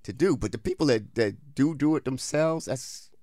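A man's voice: medium pitch, normal speed, no room sound, clean studio sound. A man who is a comedian, chatting as an interview guest and acting out people in his stories. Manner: animated storyteller, acts out voices in anecdotes. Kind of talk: casual interview chat.

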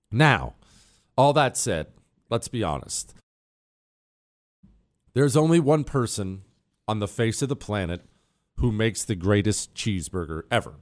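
A radio talk show host, a man with a mid-range voice, delivers a boastful comedic monologue into a studio microphone with no echo. He brags jokingly and teases his producer, brash and self-mocking, aiming jabs at the producer off-mic.

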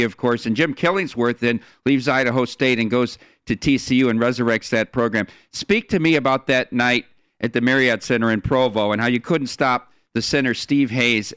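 A man's voice: medium pitch, a bit bright, no echo, clean studio sound. A man co-hosting a sports radio show, setting up a question with a long historical lead-in.

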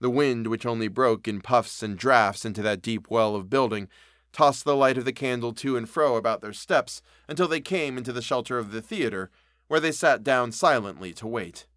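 A man reads a classic novel aloud in a measured, solemn manner, his voice sitting at an ordinary middle pitch. The recording is dry and close, with no room sound around it. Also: a bit bright, no room sound. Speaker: narrator. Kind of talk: audiobook reading of a classic novel.

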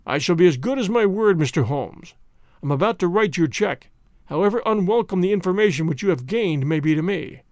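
A man's voice: sits high, expressive, a little fast, darkish tone, no room sound, clean studio sound. A man voicing a proud, aging male nobleman who speaks in a stern, imperious way.

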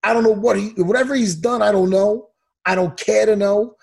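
Male fight coach, podcast regular. Gravelly, high-pitched voice, profane ranter. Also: a little fast. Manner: profane, heated ranting. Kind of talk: casual chat.

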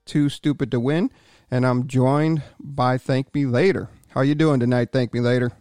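A man's voice: mid-range voice, steady tone, moderate pace, darkish tone, no echo, studio quality. A man hosting a casual podcast chat, rambling a little with restarts and fillers. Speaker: podcast host.

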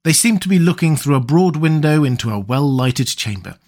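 A man reads a pulp adventure story aloud in a steady, even storytelling voice. His pitch sits a little above average for a man. It is plain audiobook narration. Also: moderate pace.

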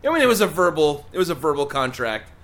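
A man's voice: a little high, sing-song, quick pace, a bit bright. A man co-hosting a comedic talk show, joking and egging on his partner. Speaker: podcast co-host. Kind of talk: comedic banter.

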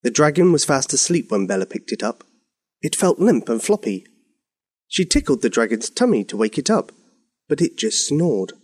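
A man narrating a bedtime story for young children, expressive and animated. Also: mid-range voice, normal speed.

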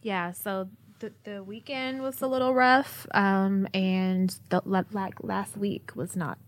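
A woman's voice: mid-range voice, steady tone, slow. A woman co-hosting a podcast in casual chat, blunt, swearing freely and laughing often. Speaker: podcast co-host.

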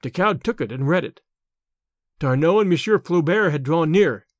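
A male audiobook narrator tells the story in steady, clear, scripted narration. His voice sits high for a man. The sound is dry and close, with no room echo. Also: moderate pace.

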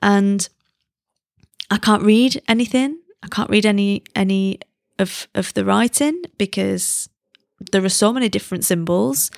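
Woman, British accent, casual podcast chat, self-deprecating, gravelly voice, dry close recording. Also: mid-range voice, measured pace, dry recording. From Britain. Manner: chatty and self-deprecating, laughs at herself. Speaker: podcast host.

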